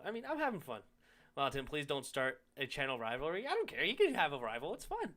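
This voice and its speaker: A man hosting a casual sports talk show, animated and reacting to a rival's clip. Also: medium pitch, fast. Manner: animated, swings from heated to sheepish. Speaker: sports talk channel host.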